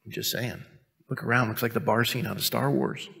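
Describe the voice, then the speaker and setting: A man delivers a sermon from the pulpit, his mid-range voice trailing off into the long reverb of a church hall. He swings between self-mocking jokes and low, intense warnings. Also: steady tone, a little fast, gravelly, heavy background noise. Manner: joking, self-mocking asides between earnest teaching; drops to a quiet, low, intense tone for stern points. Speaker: pastor. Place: church sanctuary.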